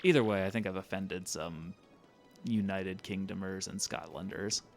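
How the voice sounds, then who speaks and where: A man's voice: deep voice, steady tone, moderate pace, soft background music. A man streaming a game, chatting casually in a loose, joking, self-deprecating way and swearing now and then. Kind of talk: casual let's-play commentary.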